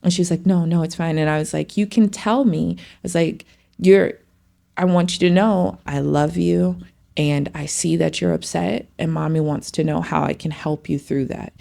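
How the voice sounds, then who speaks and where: A woman's voice: low-pitched, normal speed, creaky. A middle-aged mother chatting casually on a podcast, acting out her children's lines as she tells family stories. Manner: animated storytelling, acts out her kids' lines. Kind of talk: casual chat.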